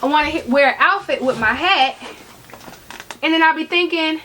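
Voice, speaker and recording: A woman with a high voice chats to camera from home in a sassy, joking way. She speaks straight to her viewers as a regular vlogger reviewing her bags. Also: normal speed, sharp tone, a little hiss or hum. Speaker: handbag collection vlogger. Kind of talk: casual talk to camera. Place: room at home.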